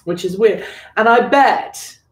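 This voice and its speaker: A woman's voice: mid-range voice, slow pace. British woman, casual co-host, rambling and wry, roomy echo. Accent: British English. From Britain. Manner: rambling, self-deprecating, chuckles often. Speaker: co-host of an electric car show. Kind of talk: casual livestream chat.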